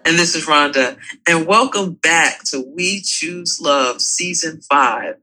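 A woman in her forties with a very bright, forward voice, co-hosting a casual podcast. She tells her stories earnestly, stumbling and repeating words as she goes. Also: low voice, takes it slowly, rough recording. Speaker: podcast co-host. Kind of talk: casual chat.

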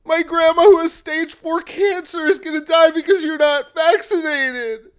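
A man putting on a shrill, tearful, whining scold who sobs about a grandma, in mocking exaggeration. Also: steady tone, unhurried. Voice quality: high, whiny, tearful.

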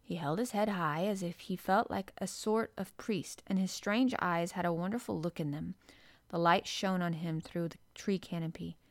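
Low-voiced woman reading a storybook. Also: steady tone, normal speed, no room sound. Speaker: audiobook narrator. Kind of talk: storybook narration.

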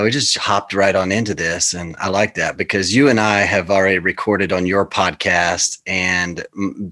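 A man hosting a podcast, reading an ad and introducing his guest in a relaxed, rambling way with many fillers and restarts. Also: lowish voice. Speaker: podcast host. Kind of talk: casual podcast ad read and intro.

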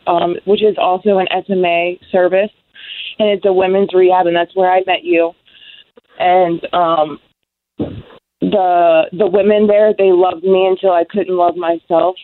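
Halting young woman, tinny phone-like sound. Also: fairly low pitch, no echo. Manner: halting, many ums, heartfelt. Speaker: guest sharing recovery story. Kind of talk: emotional personal testimony.

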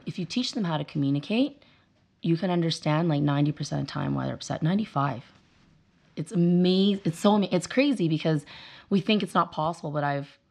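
Young mom guest chatting in an interview, low gravelly voice, animated storyteller. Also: female voice, brisk. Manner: animated storyteller, acts out her kids' voices. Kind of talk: casual conversational interview.

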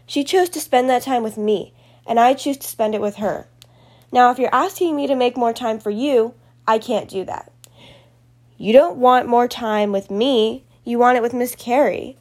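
A woman reading as a calm, confident young woman. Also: fairly high pitch, lightly acted.

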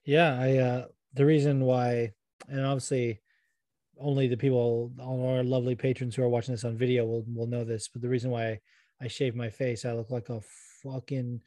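A man's voice: mid-range voice, level tone, moderate pace, mellow, no room sound. A man co-hosting a podcast, joking and swearing in casual chat. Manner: joking, swearing, mock-boastful voices in quotes. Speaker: podcast co-host.

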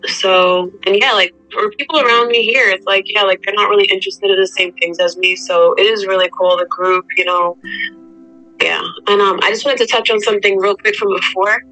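A woman shares her thoughts in a bright, clear voice of middling pitch. She wanders through her point with plenty of fillers while quiet music plays underneath. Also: steady tone, brisk, low-quality recording. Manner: thoughtful, meandering, many fillers. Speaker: guest. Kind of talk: casual faith chat.

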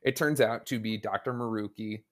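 A man's voice: on the low side, fairly even intonation, normal speed. A man chatting on a casual podcast as a guest, enthusiastic and rambling, often restarting his sentences. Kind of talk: casual podcast chat about a video game.

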